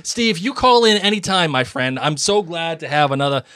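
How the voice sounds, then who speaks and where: A man's voice: a little high, animated, normal speed, pushed and bright, clear, resonant tone. A man from Massachusetts co-hosting a podcast in casual chat, jokey and laughing often. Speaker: podcast co-host.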